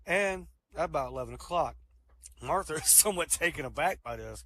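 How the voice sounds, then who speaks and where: Animated man telling jokes. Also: a little high, fairly quick. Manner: animated storyteller, acts out quoted lines. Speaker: comedian. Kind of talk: joke telling at an online comedy show.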